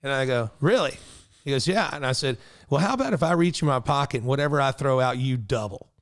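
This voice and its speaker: A man's voice: medium pitch, animated, quick pace. A man hosting a casual podcast chat, swearing freely and rambling through long anecdotes. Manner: crude, rambling storyteller. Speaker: podcast host.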